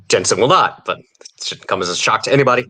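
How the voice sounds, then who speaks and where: A man's voice: mid-range voice, bright, forceful tone. A man co-hosting a casual podcast, giving sarcastic political opinions and laughing between points. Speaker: podcast co-host.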